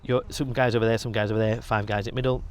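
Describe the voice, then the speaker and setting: Fast-talking bodybuilder telling stories. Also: male voice, on the low side. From England. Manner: swears freely, animated storytelling. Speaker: podcast guest, bodybuilder. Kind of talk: casual storytelling.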